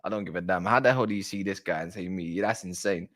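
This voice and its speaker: A man's voice: low voice, quick pace. Chatty man hosting a football stream. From South East London. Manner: chatty, shouts out viewers, reads chat aloud. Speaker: football livestream host. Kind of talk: casual livestream chat.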